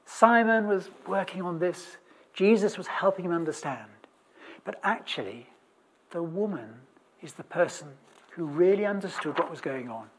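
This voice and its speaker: Husky-voiced preacher telling a story. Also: mid-range voice, lively intonation, moderate pace. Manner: chatty and humorous, with wry asides and questions to the audience; frequent restarts and sudden bursts of loudness for emphasis. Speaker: preacher in a church service. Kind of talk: sermon with storytelling and asides to the congregation.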